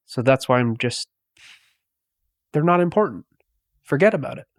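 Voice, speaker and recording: A man giving a meditative spiritual talk, speaking softly with long pauses between phrases. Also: mid-range voice, animated, no echo, studio quality. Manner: slow, pausing, softly spoken. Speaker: spiritual teacher.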